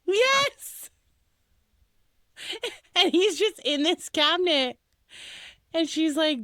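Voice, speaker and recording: A woman in her thirties co-hosting a podcast in casual chat, lively and quick to laugh as she acts out quotes. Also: high-pitched, no echo, studio quality. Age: 30s. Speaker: podcast co-host.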